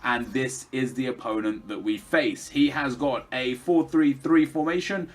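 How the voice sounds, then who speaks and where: A man's voice: medium pitch, a little slow. A young man rambling through casual commentary over his own gameplay, chatty, with lots of fillers and restarts. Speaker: gaming commentator.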